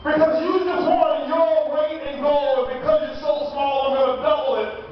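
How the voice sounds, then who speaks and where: Man putting on a high-voiced wise elder, urgent, echoing from far off in a hall. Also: fairly even intonation, normal speed, a little hiss or hum. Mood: coaxing. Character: old wise man setting a challenge. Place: large theater hall. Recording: echoey hall from far off, dull.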